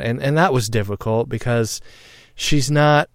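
A middle-aged man telling a personal story in a halting, reflective way, pausing often and getting loud at tense points. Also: medium pitch, dry recording, studio quality. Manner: halting, reflective, with many pauses and fillers; grows loud and excited when recounting tense moments.

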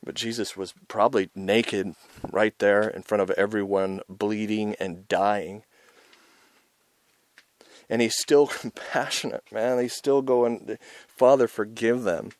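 A man preaching an informal, intense sermon as the host of his show, talking in a conversational way with many asides and rising loud on his emphasis. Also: fairly low pitch, steady tone, takes it slowly, no room sound.

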